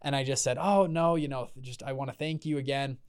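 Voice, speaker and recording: A man's voice: mid-range voice, fairly quick, smooth. A young man hosting a podcast, telling a story casually and animatedly, acting out the voices of the people in it. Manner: animated, acts out quoted voices. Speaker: podcast host.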